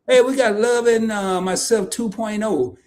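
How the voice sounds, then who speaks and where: A middle-aged man hosting a casual live stream, talking in a playful, animated way and laughing often. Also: high voice, measured pace. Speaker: host.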